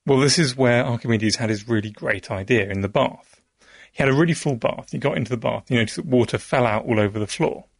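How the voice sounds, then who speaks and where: A man with a gravelly edge to his voice explains the science behind an experiment patiently and step by step. The sound is close and dry. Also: mid-range voice, fast, no room sound.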